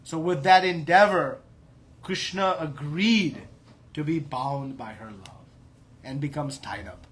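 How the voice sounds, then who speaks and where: A man's voice: a little high, takes it slowly, a bit bright. A man giving a devotional class, telling a story with emphatic rhetorical questions. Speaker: preacher.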